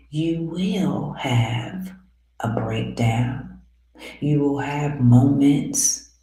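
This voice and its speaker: A spiritual teacher speaking earnestly to listeners, asking rhetorical questions, calling them dear ones and often dropping into soft whispers. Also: mid-range voice. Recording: very echoey room.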